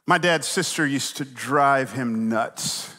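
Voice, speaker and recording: A middle-aged man preaching a sermon as pastor, telling stories with animated swings from loud to hushed. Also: mid-range voice, takes it slowly. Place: church sanctuary. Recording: long reverb of a large hall.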